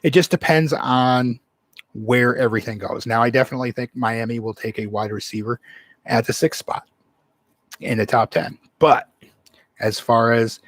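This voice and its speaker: A man's voice: mid-range voice, steady tone, normal speed, dry recording. A man hosting his own sports channel, talking casually in a rambling way full of fillers and restarts. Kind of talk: casual solo sports commentary.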